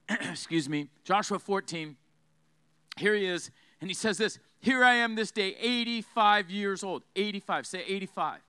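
Fiery high-voiced male preacher. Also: a bit bright, no echo, studio quality. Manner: fiery, emphatic, has the crowd repeat phrases. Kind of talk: sermon.

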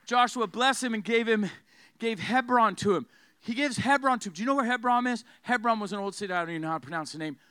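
A man's voice: high-pitched, fast, sharp tone, clean tone, no echo, clean studio sound. A man preaching a sermon with fiery emphasis, having the congregation repeat his phrases.

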